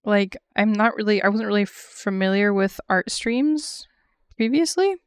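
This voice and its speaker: A woman's voice: mid-range voice, lively intonation, unhurried, clean tone, no echo, studio quality. A young woman art streamer chatting casually while she draws, thinking aloud with lots of fillers and little laughs.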